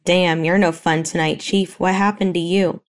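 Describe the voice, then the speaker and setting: A woman's voice: on the low side, fairly even intonation, normal speed, natural voice. A woman voicing a drunk male mechanic who slurs his words sloppily. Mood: sulky. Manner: slurred and sloppy.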